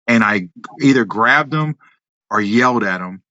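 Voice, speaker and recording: A man in his fifties, a podcast guest who tells lively stories from his past, acting out voices, laughing and swearing. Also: fairly low pitch, measured pace, no room sound. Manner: animated storyteller, acts out voices, laughs, swears. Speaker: podcast guest, wrestler and musician. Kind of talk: casual storytelling. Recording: dull, slightly lo-fi, dry.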